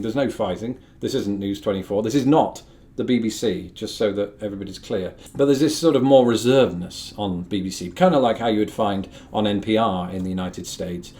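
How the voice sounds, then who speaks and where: A man's voice: lowish voice, brisk, warm tone. A young man from the North of England, hosting a casual chat to camera with wry, self-deprecating asides. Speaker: host.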